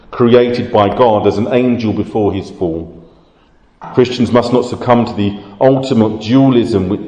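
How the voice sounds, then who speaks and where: A low-pitched man delivers a sermon, explaining scripture in a steady, measured way. His voice rings out with a long reverb, as if recorded in a large, roomy hall. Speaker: preacher.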